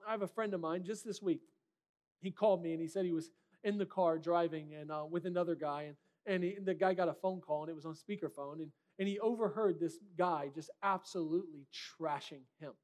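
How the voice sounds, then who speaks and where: High-voiced man preaching a sermon. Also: darkish tone. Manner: direct, conversational preaching with rhetorical questions. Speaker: pastor.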